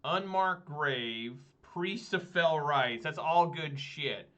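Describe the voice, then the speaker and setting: A man's voice: a little high, slow, fairly bright tone, muffled recording. A man giving casual gameplay commentary as he plays, talking to himself and swearing often. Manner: swears often, talks to himself while playing. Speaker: gameplay streamer.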